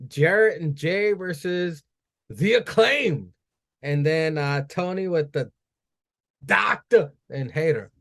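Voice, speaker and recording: A man with a somewhat high voice briskly runs through a recap, adding wry, profane asides as he goes. His delivery is casual and offhand. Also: animated, vocal fry, a bit bright. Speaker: podcast host.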